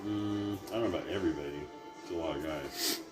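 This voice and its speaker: A man's voice: low-pitched, fast. A man playing a tabletop game, asking questions and planning moves aloud in casual chat. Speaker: player. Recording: roomy sound with music.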